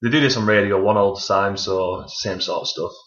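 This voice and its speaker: A man's voice: on the low side, steady tone, quick pace, a bit bright. A man in his twenties co-hosting a podcast, chatting casually, rambling and swearing a lot. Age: 20s. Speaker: podcast co-host. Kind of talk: casual chat. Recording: dull, roomy home recording.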